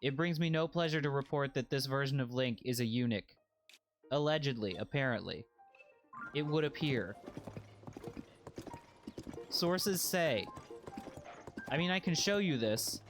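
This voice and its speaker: A man streaming a video game, chatting in a playful, joking way and breaking into excited squeals. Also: mid-range voice, a little slow, long pauses, over music. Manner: puts on a put-on accent by habit. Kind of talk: casual let's-play commentary.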